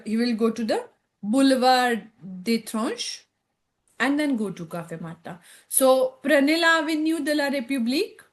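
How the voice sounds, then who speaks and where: Reading each line of a French textbook aloud and then translating it into English, this woman teaches the lesson in an Indian English accent. Her pitch is fairly high, and she keeps asking "okay?" along the way.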